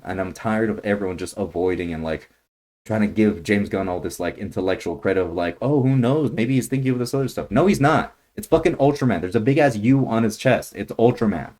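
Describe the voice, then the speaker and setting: A young man with a fairly low voice tears into a movie trailer in a heated, swear-laden rant. He talks bluntly and gets loud and indignant. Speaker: YouTuber reacting to a movie trailer. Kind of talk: ranting trailer reaction.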